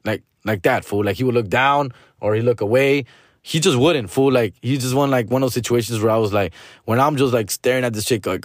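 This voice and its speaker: A man's voice: medium pitch, quick pace. A man in his forties with a Chicano Los Angeles accent rambles through a profane, slangy story, dropping Spanish words and "fool" and "dog" into nearly every line. His voice sits in a middle range. The sound is close and dry, with no room echo. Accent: Chicano English from Los Angeles. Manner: rambling, trails off and restarts, says "fool" and "dog" often. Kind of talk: casual storytelling monologue.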